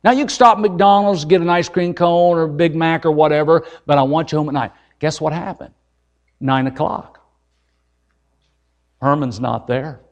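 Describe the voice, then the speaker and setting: A man's voice: on the high side, normal speed. A middle-aged man, an evangelist, preaching a folksy, humorous sermon and keeps checking in with the crowd.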